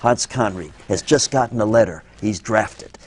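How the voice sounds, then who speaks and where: A man's voice: on the low side, moderate pace, a little hiss or hum. An older man, a former child radio actor, telling anecdotes in an interview and acting out voices as he goes. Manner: animated, acts out voices in anecdotes. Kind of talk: interview storytelling.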